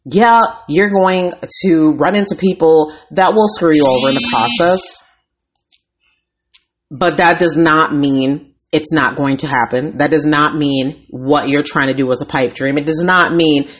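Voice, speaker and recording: A woman's voice: low-pitched, measured pace. A woman hosting her own podcast as a life coach, talking in a raw, candid and emphatic way. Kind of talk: casual motivational talk.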